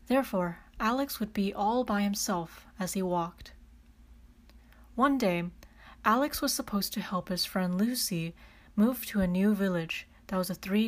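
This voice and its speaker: A woman narrates a children's tale in a calm, steady read-aloud voice. Her pitch sits in the middle of the usual range. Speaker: storyteller. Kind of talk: storybook reading.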